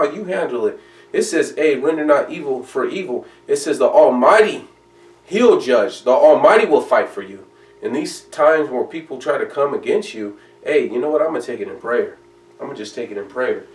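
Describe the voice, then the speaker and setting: A man preaching a sermon in an emphatic, conversational way, reading scripture aloud. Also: medium pitch. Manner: emphatic, conversational preaching, reads King James verses aloud. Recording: echoey room from a distance.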